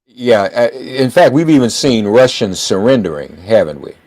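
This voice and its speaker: A man hosting an interview, greeting his guest loudly and asking short questions. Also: medium pitch, sing-song, normal speed. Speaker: host.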